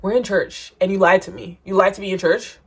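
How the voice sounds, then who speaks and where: A woman's voice: mid-range voice, fairly even intonation, a little fast, vocal fry, slightly rough. A young woman in college telling a crush story to camera in a casual vlog, giggling and acting out her own lines. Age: young adult. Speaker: vlogger.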